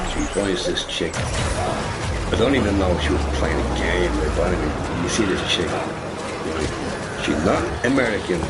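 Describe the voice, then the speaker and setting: A man streaming a game, chatting casually in a rambling way, often tagging on "right?" and swearing. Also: low voice. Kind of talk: casual chat while gaming. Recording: noisy recording with game sound behind.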